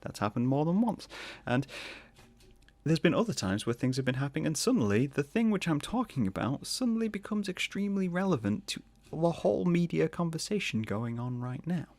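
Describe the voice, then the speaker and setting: A man talks through a solo podcast episode, rambling from thought to thought and joking along the way. His voice has a gravelly, fry-tinged edge, and he sits right on a close mic in a dry, dead room. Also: on the high side, sing-song, darkish tone, no echo. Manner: rambling, jokey, breaks into quick put-on voices. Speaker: podcast host.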